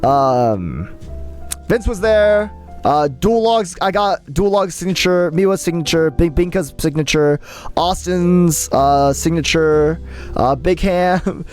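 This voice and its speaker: A young adult live streamer chatting casually with viewers, excitable and chatty, often restarting sentences. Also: mid-range voice, slow, faint music behind. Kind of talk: casual chat while reading stream chat.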